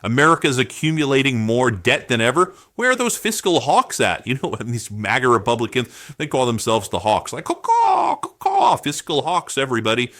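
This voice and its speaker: A man giving sarcastic political commentary, firing off rhetorical questions in an animated way. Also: medium pitch, a little fast, few pauses, no room sound, clean studio sound.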